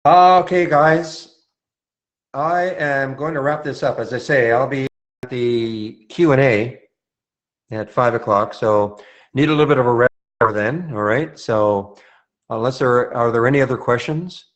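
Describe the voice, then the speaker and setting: A man from Montreal talks casually through a live trading-room session. He answers viewer questions in a relaxed, conversational way, often restarting his sentences. His voice sits at a middle pitch. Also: a little slow. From Montreal, Canada.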